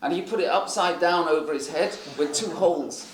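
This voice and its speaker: A man's voice: fairly high pitch, normal speed, a little hiss or hum. A man preaching, telling rambling anecdotes full of fillers. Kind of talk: sermon storytelling. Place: church hall. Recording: echoey hall.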